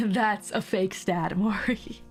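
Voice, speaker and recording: A young woman chatting on a casual livestream at her desk mic, rambling from one thing to the next with plenty of laughs. Her voice sits at a middling pitch with a gravelly, fry-tinged edge, and a mild sore throat roughens it a little. Faint music plays underneath. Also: fairly even intonation, slow. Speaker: streamer.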